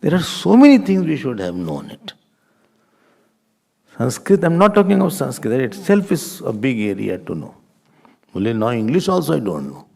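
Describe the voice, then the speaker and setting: A man's voice: medium pitch, wildly swooping pitch, normal speed, creaky, long pauses, dark tone, breathy edge. A man with an Indian accent teaching a scripture class in a playful, teasing way. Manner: playful, teasing, mixes in Hindi and Sanskrit terms. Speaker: Vedanta teacher.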